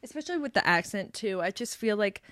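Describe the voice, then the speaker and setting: A woman's voice: mid-range voice, quick pace, no echo, clean studio sound. A young woman co-hosting a podcast, chatting casually and playfully about a film. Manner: animated, laughing, playful mock voices. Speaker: podcast co-host. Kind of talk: casual chat.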